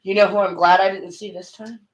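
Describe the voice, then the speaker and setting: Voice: mid-range voice, little pitch movement, brisk, lo-fi sound. A player chatting after a tabletop game, asking eager questions and swearing freely. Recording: roomy, distant mic.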